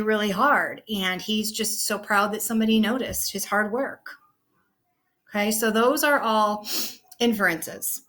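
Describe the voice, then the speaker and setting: A woman's voice: medium pitch, a bit bright. A woman teacher talking casually through an online lesson, peppering her explanations with "okay" and "you know.". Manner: conversational, many fillers like "okay" and "you know".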